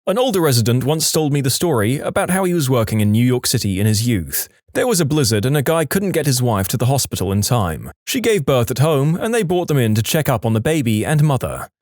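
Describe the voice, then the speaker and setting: Lively male story narrator. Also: mid-range voice, a little fast, few pauses, no echo, studio quality. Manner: lively storytelling, brief comic quote voices. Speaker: narrator reading stories. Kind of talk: scripted narration.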